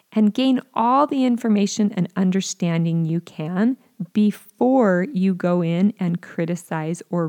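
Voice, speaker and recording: A woman's voice: fairly low pitch, dark tone. Earnest woman teaching parents. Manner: earnest, acts out parent and child voices. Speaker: parenting educator.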